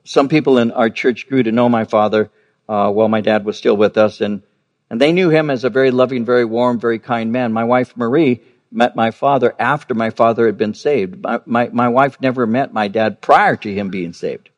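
A man's voice: medium pitch, normal speed. A man in his fifties or older preaching a sermon, telling a personal story earnestly and repeating words for emphasis. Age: 50s or older. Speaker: pastor.

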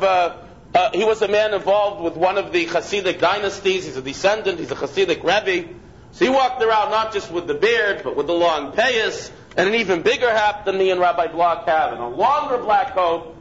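A man's voice: high-pitched, fairly bright tone. A man, a rabbi, giving a conversational lecture with stories, asides and frequent restarts. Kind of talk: lecture with storytelling. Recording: dull lo-fi with faint noise.

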